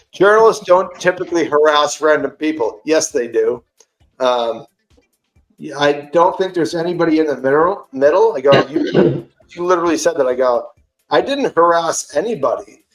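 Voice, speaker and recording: A podcast host, a man, retelling an online argument in a casual, animated and profane way. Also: fairly high pitch, moderate pace, echoey room, faint music behind, poor audio. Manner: animated, profane, indignant storytelling.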